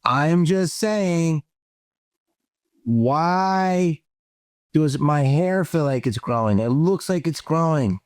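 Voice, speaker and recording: Slow rambling guy asking why over and over, dry close sound. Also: on the high side, lively intonation, dry recording. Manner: rambling, asks questions over and over. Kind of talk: rambling solo video monologue.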